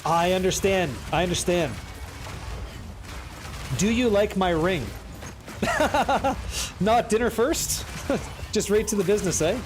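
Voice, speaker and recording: A man streaming a game live, excitable and profane as he banters with his chat. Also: sits high, slow, pauses often, music in the background. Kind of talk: live gameplay commentary chatting with viewers.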